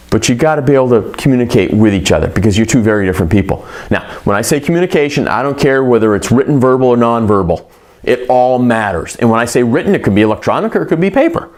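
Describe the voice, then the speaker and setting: A man's voice: a little high, expressive, a little fast, a little mellow. A man coaching repair shop staff, talking emphatically and often checking in with rhetorical questions. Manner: acts out quoted shop workers.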